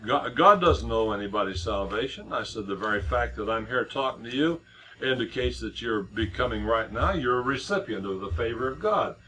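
A man's voice: medium pitch, expressive, normal speed, bright, forceful tone, slight background noise, low-quality recording. A middle-aged man preaching a sermon in a conversational way, with many restarts and repeated words as he tells a story.

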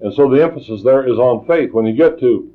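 Halting preacher on a tinny old tape. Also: male voice, mid-range voice. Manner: halting, repeats words, frequent fillers. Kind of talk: sermon.

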